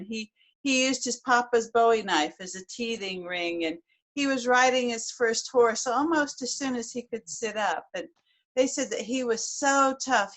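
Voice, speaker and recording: A storyteller from the United States tells a folk tale to a live audience in a fairly high, fairly bright voice. Her delivery is folksy and rambling, and she repeats words as she goes.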